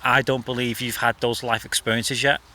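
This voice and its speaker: A man's voice: medium pitch, little pitch movement, normal speed, pushed and bright, a little hiss or hum. A man interviewing a young actor outdoors, encouraging and mentoring him in casual talk. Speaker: interviewer and YouTube presenter. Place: outdoors by a bridge.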